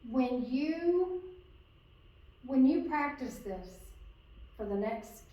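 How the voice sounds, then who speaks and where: A woman coaching a student in interpreting, encouraging her and checking in again and again. Her voice sits a little high and sounds distant, caught in a very echoey room. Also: lively intonation, extremely slow, dull audio. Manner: encouraging, checks in with repeated "okay?". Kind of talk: hands-on coaching lesson. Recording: echoey room, far from mic.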